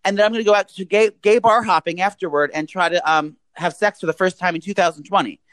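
A man's voice: high voice, fast talker, fairly bright tone, clear, resonant tone, no echo. A young man co-hosting a podcast, campy and crude, rambling in casual chat. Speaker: podcast co-host.

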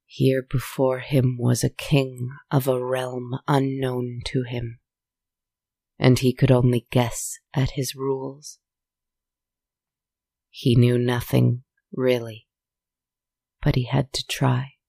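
A storyteller reading a dark tale in a slow, solemn, measured way. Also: mid-range voice, completely flat delivery, creaky, no room sound. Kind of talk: scripted story narration.

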